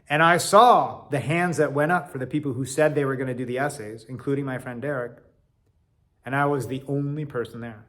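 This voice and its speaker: A man telling a personal story in an animated way, swinging from loud to quiet. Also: mid-range voice.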